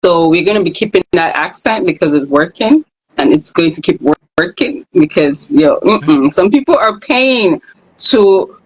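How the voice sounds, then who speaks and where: A host of a live online chat show who talks with excitement and reads viewer comments aloud. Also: mid-range voice, normal speed, breathy edge, rough recording. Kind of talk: casual live-stream chat.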